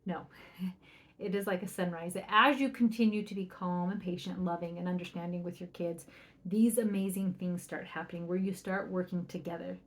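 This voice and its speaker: A woman's voice: on the low side, steady tone, normal speed. A middle-aged woman hosting a parenting podcast, giving advice in a chatty, upbeat way and often asking "right?". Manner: chatty, upbeat, keeps asking "right?", acts out soft quoted lines. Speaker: parenting coach and podcast host.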